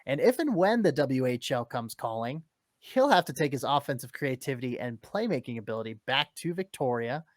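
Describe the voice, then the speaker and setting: A podcast co-host giving hockey analysis in an excitable way, laughing and getting flustered when excited. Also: medium pitch, brisk, no room sound, clean studio sound.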